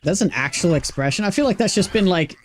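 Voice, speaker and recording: A man with a fairly high, bouncy voice that swings around a lot. He chats casually with his viewers during a gaming stream and greets and thanks them by name. A faint hiss sits under his voice. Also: expressive, fast talker. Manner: chatty, greets and thanks viewers between game reactions. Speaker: game streamer. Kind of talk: casual live-stream chat while gaming.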